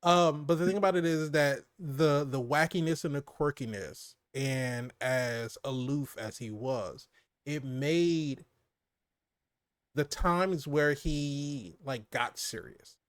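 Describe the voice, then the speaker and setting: A man talking through a film with a friend, in a voice a little higher than most. The recording is close and dry, with no room sound. He stays animated, laughs easily, and sinks his voice low when he wants to stress something. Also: slow pace, clear, resonant tone, dry recording. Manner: animated, laughs often, drops low for emphasis. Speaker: movie review co-host. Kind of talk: casual movie review chat.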